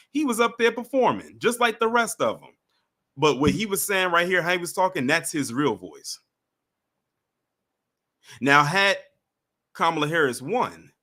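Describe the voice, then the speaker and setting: A man hosts a livestream and reacts to clips with an animated, mocking edge. His voice sits a bit high and has a very bright, forceful ring. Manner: animated, mocking, chats with viewers. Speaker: livestream host. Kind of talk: casual reaction commentary.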